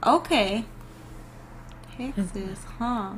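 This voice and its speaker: A young woman, co-hosting a podcast in casual, slangy, animated chat. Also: mid-range voice, drawn-out words, faint music behind, rough recording. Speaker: podcast co-host.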